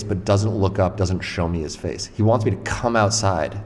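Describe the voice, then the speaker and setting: Deep-voiced man telling a story, reverby room. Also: moderate pace. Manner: animated storyteller, swears freely. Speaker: podcast host and interviewer. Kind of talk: casual podcast conversation.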